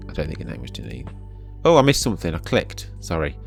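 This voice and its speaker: A man's voice: rumbling low, huge pitch swings, fast talker, vocal fry. A man in his forties giving casual gameplay commentary, reading the game text aloud with chatty, wry asides. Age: 40s. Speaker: game video host. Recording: faint background music.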